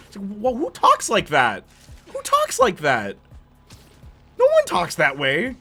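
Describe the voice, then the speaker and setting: A young man commenting over his gameplay stream, rambling from one tangent to the next and full of fillers. His voice swings widely in pitch, and soft game music plays underneath. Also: wildly swooping pitch, fairly quick. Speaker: gaming streamer.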